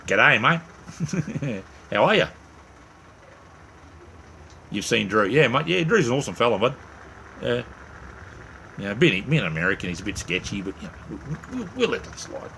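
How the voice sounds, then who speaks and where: A man's voice: medium pitch, animated, unhurried, vocal fry, long pauses, pushed and bright, a little hiss or hum. A middle-aged Australian man hosting a casual live stream, rambling and joking as he chats with viewers. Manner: rambling, chatty, jokey, with many restarts. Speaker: livestream host. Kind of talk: casual live chat reading viewer comments.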